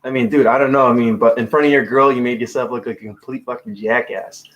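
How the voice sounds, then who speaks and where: A man's voice: mid-range voice, steady tone, fast talker, fairly bright tone. A man co-hosting a casual podcast chat, telling rambling stories full of swearing and fillers. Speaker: podcast co-host.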